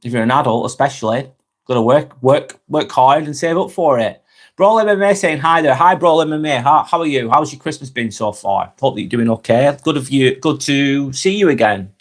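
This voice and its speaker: A relaxed man with a Lancashire accent, chatting live to viewers in a mid-range voice. He reads their comments out and replies in a friendly, unhurried way. His sentences often trail off softly at the end. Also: mid-range voice. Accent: Northern English, Lancashire. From Northwest England. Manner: laid-back and friendly, trails off quietly at phrase ends, stumbles over words. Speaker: vlogger hosting a live stream.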